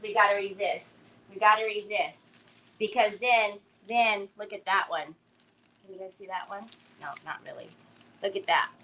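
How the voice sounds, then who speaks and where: A woman with a medium-pitched, bright voice and a forceful tone hosts a live crafting stream, chatting casually, giggling a lot, and greeting viewers by name. The recording is low quality with slight background noise.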